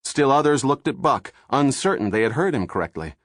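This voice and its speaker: A man's voice: mid-range voice, big pitch swings, a little fast, no echo. Man narrating an audiobook, dry and close.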